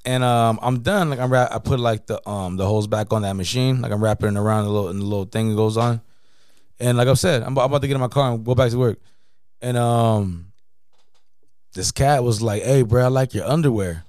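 A man's voice: mid-range voice, brisk, a little mellow, clear, resonant tone, dry recording. A man telling a story in casual podcast chat, slangy and profane, filling his talk with "you know what I mean.". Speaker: podcast co-host.

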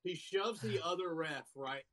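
A man's voice: fairly high pitch, a little slow, crowd noise. A man in casual chat, telling a story with animation and laughing through the quotes. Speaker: podcast co-host.

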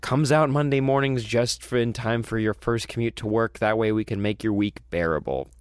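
A man's voice: lowish voice, moderate pace, clean tone, no echo, studio quality. A young man co-hosting a casual podcast, rambling, laughing often and swearing offhandedly. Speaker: podcast co-host.

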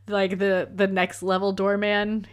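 A woman's voice: mid-range voice, flat delivery, slow. A woman casually recapping a movie in a chatty, playful way, laughing often.

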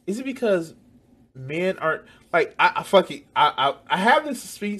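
A man's voice: fairly high pitch, fairly bright tone, breathy edge. A man hosting a reaction video, reacting with heavy swearing, laughter and exclamations. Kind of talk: profane reaction commentary.

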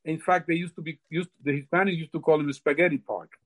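Older man, halting, repeats himself. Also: fairly high pitch, steady tone. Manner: halting, repeats words often. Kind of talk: casual storytelling.

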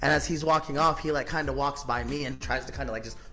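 A man's voice: mid-range voice, steady tone, fast, vocal fry, bright, forceful tone, soft background music. A man in his thirties, a podcast guest telling his story in a blunt, profane, casual way, full of filler words. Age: 30s.

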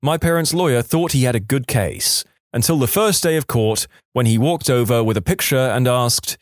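A man's voice: mid-range voice, animated, moderate pace, few pauses, no room sound, studio quality. A man narrating online stories as the host of a story channel, with wry asides. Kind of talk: reading reddit stories aloud.

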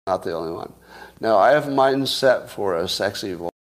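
A California man hosts a show with a fairly low, expressive voice at a normal speed. He chats casually with listeners, cracking jokes and wandering from one topic to the next.

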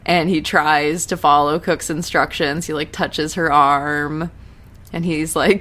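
A woman with a notably low, deep voice talks her way through an episode recap in a casual, chatty manner. She rambles, peppers her speech with "like", and drops wry, self-deprecating asides. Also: fairly even intonation, unhurried, a bit bright.

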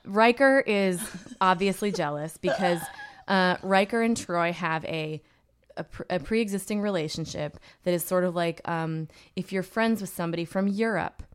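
A woman's voice: fairly low pitch, moderate pace, clean tone. A woman co-hosting a casual podcast chat, explaining at length with many fillers and restarts. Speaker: podcast co-host.

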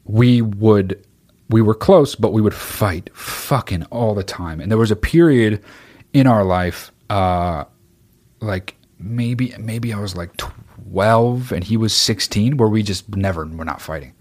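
Low-voiced man hosting a podcast, blunt and profane, rambling chat. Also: takes it slowly, darkish tone. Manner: swears constantly, rambling and blunt. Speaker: podcast host. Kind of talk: casual chat answering listener questions.

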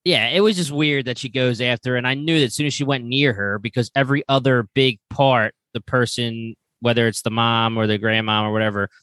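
A man co-hosting a podcast, rambling through an animated retelling in casual chat. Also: mid-range voice, a little fast, hardly any pauses, dry recording. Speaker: podcast co-host.

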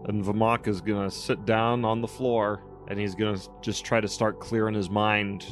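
A man playing a tabletop game, calmly explaining what his character does. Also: fairly low pitch, moderate pace, music in the background. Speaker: player. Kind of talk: tabletop role-play.

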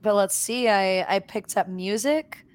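A woman in her twenties from Puerto Rico, raised in the US, a musician guest chatting casually, relaxed and a bit hesitant. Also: medium pitch, measured pace, clean tone. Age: 20s. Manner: relaxed, laughs easily, a little hesitant. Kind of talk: casual interview chat.

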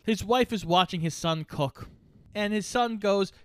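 A man co-hosting a podcast, recapping a movie's plot in a relaxed way with small fillers. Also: high voice, moderate pace, no echo, clean studio sound. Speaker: podcast co-host.

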